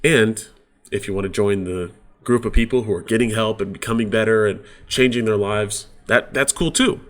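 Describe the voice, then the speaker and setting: A man's voice: fairly low pitch, moderate pace. A man coaching real estate agents in a casual, conversational sales training talk. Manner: casual, conversational, uses sports examples.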